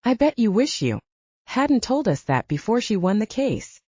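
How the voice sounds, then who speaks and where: A woman doing a booming jovial old law partner. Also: very animated, normal speed, warm tone, breathy edge, dry recording. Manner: booming, hearty. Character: loud jovial older male law partner. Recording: slightly muffled lo-fi recording.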